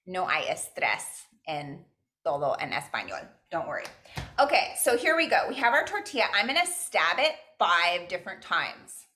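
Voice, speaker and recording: A woman's voice: mid-range voice, pushed and bright. A woman teaching a virtual cooking class, upbeat and encouraging, weaving Spanish words and counting into her instructions. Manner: upbeat, mixes in Spanish phrases and counts aloud. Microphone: video call.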